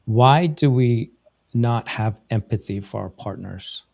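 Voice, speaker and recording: Slow-talking man in his fifties, a host. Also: fairly low pitch, creaky, darkish tone. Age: 50s. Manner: reflective, earnest, gives advice. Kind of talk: live show interview.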